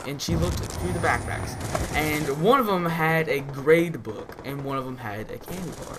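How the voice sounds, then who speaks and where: A man's voice: on the high side, normal speed, background noise. A teenage boy hosting a gaming channel, telling a school story in a casual, rambling way with lots of fillers and restarts. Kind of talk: casual storytelling over gameplay. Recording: loud game gunfire behind the voice. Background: loud video game gunfire and shooting.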